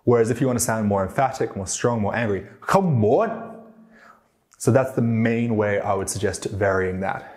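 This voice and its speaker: A man's voice: on the low side, fairly even intonation, brisk, a little mellow. A man teaching a language lesson, explaining tones and demonstrating them aloud. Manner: demonstrates tones by acting out sounds.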